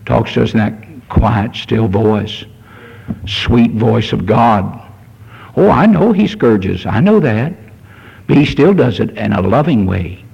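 A man's voice: lowish voice, animated, slow, vocal fry, a little mellow, husky, dull audio. A man in his sixties, a pastor preaching a fervent sermon and reading scripture aloud. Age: 60s.

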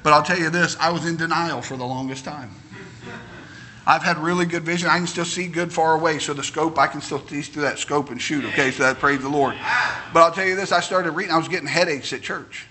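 A man's voice: a little high, a little fast, sharp tone. A middle-aged male pastor preaching a sermon, telling homey stories that build into fervent preaching.

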